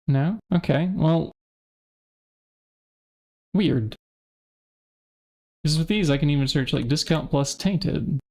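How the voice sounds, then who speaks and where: Searching his inventory in a modded game he's streaming, this man keeps up casual commentary, thinking aloud and muttering to himself. His voice sits on the high side, gravelly and a little mellow.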